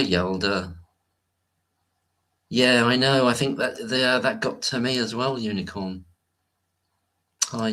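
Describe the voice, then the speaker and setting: A man with a low, husky voice chats loosely on a home livestream. He rambles and restarts his sentences as he greets people in the chat one by one. Recorded on a home computer mic. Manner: rambling, hesitant, greets chat viewers warmly. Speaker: livestream host. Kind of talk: casual live-stream chat.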